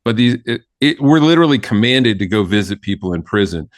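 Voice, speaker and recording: A reflective man co-hosts a podcast, his lowish voice dry and close with no room sound. He thinks aloud, circling with fillers before landing his point. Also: lively intonation, brisk, no room sound. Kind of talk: conversational interview.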